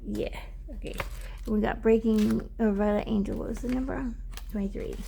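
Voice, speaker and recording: Woman, oracle card reader, chatty and rambling, teary, gravelly voice. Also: a little high, fairly even intonation, brisk, mellow, a little hiss or hum. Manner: chatty, rambling, laughs often, drifts off mic. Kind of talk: casual oracle card reading.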